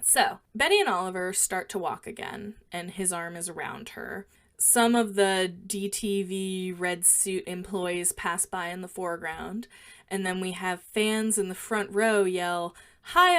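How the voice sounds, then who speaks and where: A woman's voice: on the low side, measured pace, smooth. A woman co-hosting a podcast, recounting film scenes in careful detail and quoting the dialogue in a matter-of-fact way. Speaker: podcast co-host. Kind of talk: casual podcast chat, describing film scenes.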